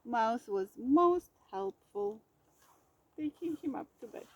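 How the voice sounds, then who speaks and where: A woman reading a children's storybook aloud with gentle, expressive narration. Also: a little high, takes it slowly, dull audio, a little hiss or hum.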